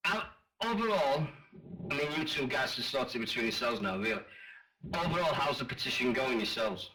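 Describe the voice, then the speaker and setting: A Northern English man in his forties hosts a chat radio show, his bright, ringing voice bouncing lively up and down. He teases his guests boisterously and swears freely. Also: medium pitch, brisk. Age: 40s. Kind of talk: casual chat show banter.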